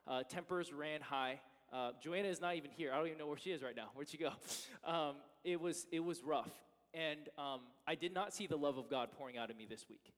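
A man preaching a sermon as pastor, telling a personal story with animated, self-mocking energy. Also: a little high, brisk, few pauses. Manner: animated storytelling, acting out his own frustration. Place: church sanctuary. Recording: long reverb of a church hall.

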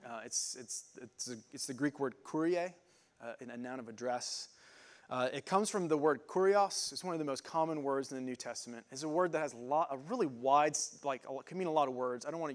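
A male pastor delivers a conversational sermon, working through scripture and word meanings. He speaks informally, stopping and restarting, leaning on fillers as he thinks aloud, in a voice of ordinary middle pitch.

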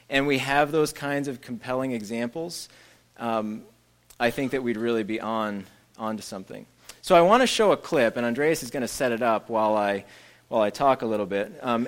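A man's voice: medium pitch, a bit bright. Guy preaching to a church group, chatty and jokey, easygoing. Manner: casual, joking, conversational. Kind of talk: church teaching talk.

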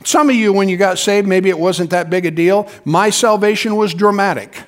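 A male pastor preaching in a relaxed, storytelling style with a fairly high voice. He keeps asking the congregation to answer back. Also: moderate pace. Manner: conversational storytelling, calls on the congregation to respond. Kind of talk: sermon.

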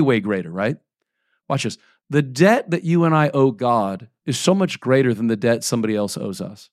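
A man's voice: mid-range voice, a little mellow, no echo, clean studio sound. A man in his forties preaching a sermon as a pastor, talking in a loose, conversational way, often checking in with "right?" and "okay?", and reading scripture aloud between plain asides.

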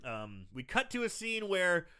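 A man with a high, clear, resonant voice speaks unhurriedly as a podcast co-host casually recapping a film. He's animated, laughs often, and acts out the characters' lines.

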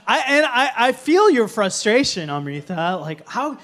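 Very high-voiced man preaching a sermon. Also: big pitch swings, unhurried, hardly any pauses, a bit bright. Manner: earnest and emphatic, breaking into playful humor. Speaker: pastor.

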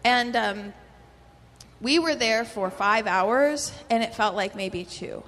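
A woman's voice: fairly high pitch, takes it slowly, fairly bright tone, long reverb tail, a little hiss or hum. A woman telling her personal religious testimony in a fervent, earnest way, full of "like" fillers and small laughs. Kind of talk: personal testimony in casual conversation.

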